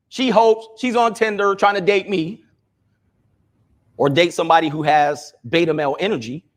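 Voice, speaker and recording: High-voiced man explaining steadily.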